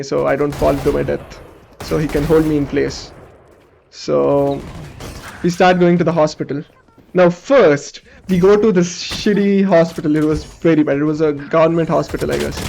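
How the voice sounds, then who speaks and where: Young guy streamer, kinda high voice, chatty storytime while he games, swears a bit. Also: vocal fry, slight background noise. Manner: animated, casual, swears, acts out quoted people. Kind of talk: storytime told while gaming.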